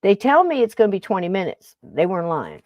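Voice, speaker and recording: A woman's voice: mid-range voice, big pitch swings, fast talker, no echo. A woman podcast host telling a funny story in casual chat, acting out both sides of a phone call with jokes.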